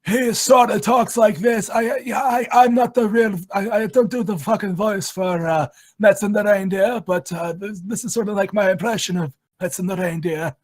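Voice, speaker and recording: A man voicing a haggard, put-upon male reindeer in a slow, high put-on character voice. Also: steady tone. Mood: grumbling.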